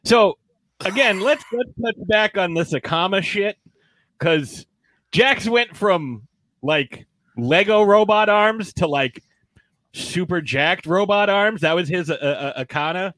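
A man's voice: sits high, animated, slow, fairly bright tone, no echo. A man in casual, profane podcast chat, given to sarcastic impressions.

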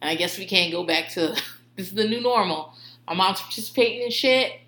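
A woman's voice: medium pitch, a little fast, a bit bright. A woman telling rambling, profane stories in a casual way, laughing often. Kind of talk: casual storytelling. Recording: roomy echo.

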